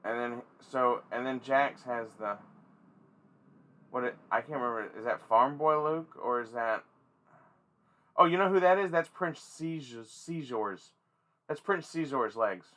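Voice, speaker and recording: A man hosting a casual toy-collecting vlog, rambling and swearing freely with excitable energy. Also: mid-range voice, a little slow, long pauses. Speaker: toy collector and channel host.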